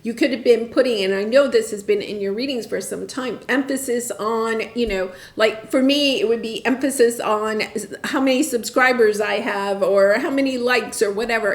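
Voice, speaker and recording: Woman tarot reader, chatty and encouraging, slightly high voice, roomy echo. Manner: chatty, encouraging, checks in with "right?" and "okay?". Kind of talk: casual tarot reading.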